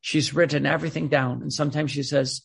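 A man with a gravelly, husky voice on the high side delivers an informal sermon with readings from a spiritual book, speaking fast in a steady tone. He's emphatic and often restarts and repeats words.

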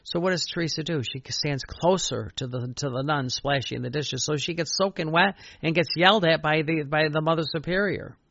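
Gravelly older priest preaching. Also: male voice, fairly high pitch, normal speed, few pauses, fairly bright tone, dry recording, muffled recording. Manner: chanting repeated prayer litanies; anecdotal, conversational preaching. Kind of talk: sermon.

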